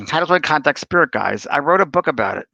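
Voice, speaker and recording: A man's voice: on the high side, lively intonation, moderate pace, vocal fry, bright, forceful tone, no room sound. A man hosting a casual spiritual talk show, rambling through anecdotes and viewer questions. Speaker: spiritual medium and host. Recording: dull lo-fi dry sound.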